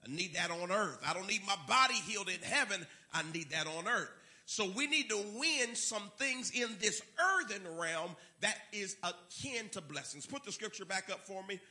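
A man's voice: sits high, expressive, moderate pace, few pauses, bright, forceful tone. A man preaching a sermon, emphatic and repeating key words for effect. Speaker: pastor.

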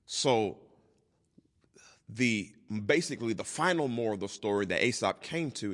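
A man preaching a Bible study sermon, swinging from loud emphatic lines to hushed, slow ones. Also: lowish voice, animated. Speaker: pastor. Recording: long hall reverb.

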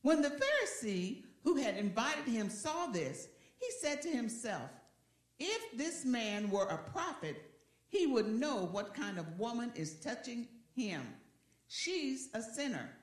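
A woman's voice: a little high, big pitch swings, a little slow. Woman reading scripture in an echoey hall. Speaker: scripture reader. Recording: echoey hall, away from the mic.

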